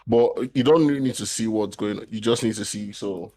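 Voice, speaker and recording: A man's voice: fairly low pitch, a little fast, dark tone, no echo. A young man with a Nigerian accent, learning to code from a friend live, casual and easily flustered. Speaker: coding student. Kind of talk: live-streamed coding lesson.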